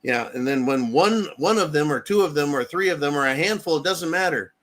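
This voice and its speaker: A man's voice: fairly high pitch, a little fast, a bit bright. Blunt, profane American man. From United States. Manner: blunt, swears freely, keeps asking "right?". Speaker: livestream host. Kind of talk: casual political commentary.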